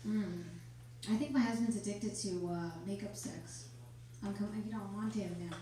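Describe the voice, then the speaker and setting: A middle-aged woman performing a crude stand-up comedy set on a club stage, delivering brash deadpan punchlines to the crowd. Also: medium pitch, normal speed, very noisy. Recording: roomy club sound from a distance with crowd. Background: audience laughter.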